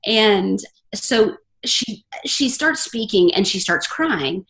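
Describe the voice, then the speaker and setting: A woman's voice: medium pitch, expressive, takes it slowly, fairly bright tone. A middle-aged woman, a podcast guest, telling personal stories in an earnest, chatty way and laughing often. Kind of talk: casual interview chat.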